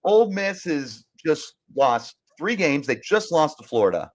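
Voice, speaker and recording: A man's voice: a little high, big pitch swings, measured pace. A young man hosting a sports podcast, ranting emphatically and repeating himself in frustration as he reads live comments. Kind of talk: fired-up sports talk, reading live comments.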